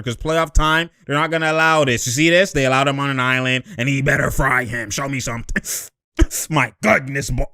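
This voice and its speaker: A man giving excited, slang-heavy commentary over basketball highlights, laughing and hyping plays. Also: smooth, no echo, clean studio sound. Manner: hyped slangy reactions, frequent laughter. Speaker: sports commentator.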